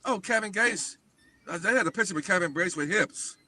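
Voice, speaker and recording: A man's voice: sits high, lively intonation, a little fast, sharp tone. A man talking as a guest on a livestream talk show, speaking emphatically and insistently.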